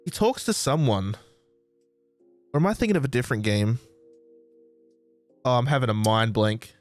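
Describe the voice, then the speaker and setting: An Australian man hosting a podcast, chatting excitedly and rambling, often losing track of names. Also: mid-range voice, normal speed, faint music behind. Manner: excitable, rambling, forgets names mid-sentence. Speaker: podcast host. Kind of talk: casual chat. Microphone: desk microphone.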